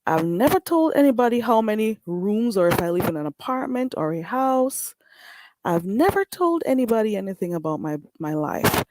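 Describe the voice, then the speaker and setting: A woman's voice: mid-range voice, very animated, moderate pace, a little mellow, no room sound, low-quality recording. A woman with a Jamaican accent hosting a casual livestream, greeting viewers by name and speaking bluntly and sassily. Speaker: livestream host.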